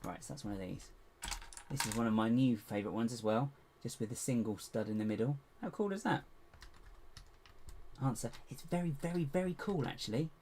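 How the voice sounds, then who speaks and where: Male streamer, mid pitch, casual build-along chatter with a muttering, self-deprecating delivery. Some hiss and keyboard noise behind. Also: expressive, fairly quick, mellow. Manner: chatty, muttering to himself, self-mocking asides. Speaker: livestream host building toy bricks. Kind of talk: casual live-stream commentary while building.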